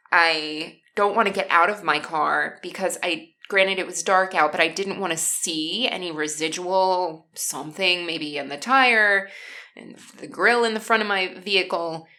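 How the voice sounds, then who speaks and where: A woman's voice: on the low side, sharp tone. A woman vlogger telling a personal story in a casual, emotional way, with many restarts and asides to her viewers. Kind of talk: casual storytelling while coloring.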